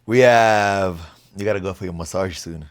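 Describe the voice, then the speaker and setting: A young man co-hosting a laid-back podcast as a new father. He talks in an easygoing, slangy way and turns animated when he jokes. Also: deep voice, moderate pace, smooth. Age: young adult. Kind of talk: casual chat.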